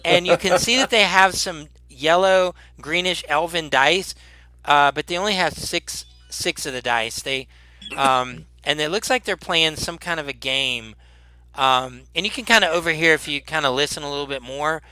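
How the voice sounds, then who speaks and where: Rambling game master with a bright voice. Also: male voice, on the high side, clean tone, no room sound. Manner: rambling, halting, laughs often. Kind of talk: narrating a tabletop game.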